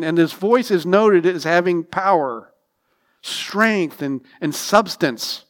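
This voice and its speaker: A man preaching a sermon with emphatic, repetitive phrasing and frequent restarts, sometimes dropping into a quiet aside. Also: a little high, unhurried. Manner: drops to a soft, near-whispered aside at times. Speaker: pastor.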